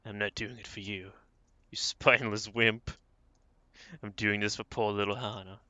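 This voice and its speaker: A man's voice: on the low side, flat delivery, moderate pace, bright, forceful tone, no echo. A man voicing a blunt, scornful middle-aged male editor while reading a visual novel aloud. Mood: gruff. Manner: blunt, brusque. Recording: slightly dull lo-fi stream audio with faint music.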